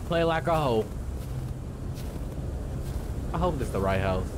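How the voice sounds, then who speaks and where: A man's voice: medium pitch, expressive, takes it slowly, long pauses, background noise. A young man casually commentating a horror game, loose and slangy, swearing often and sometimes singing along. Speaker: gaming streamer. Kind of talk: casual let's-play commentary.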